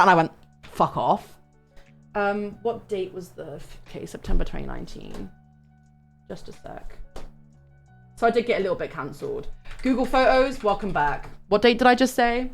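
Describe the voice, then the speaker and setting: A young woman, telling a story to her stream in a loud, animated way, with swearing and sudden shouts. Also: mid-range voice. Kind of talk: casual storytelling chat.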